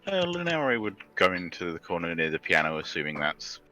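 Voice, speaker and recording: A man's voice: low voice, sing-song, brisk, pushed and bright, soft background music. A man playing in a tabletop game, dry and joking. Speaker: player.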